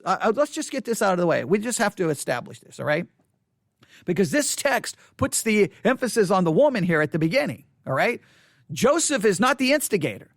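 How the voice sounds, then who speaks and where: A man with a high, lively voice talks through a Bible study in a conversational way. He speaks with emphasis and often restarts or repeats his phrases. The sound is dry and close. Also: no echo.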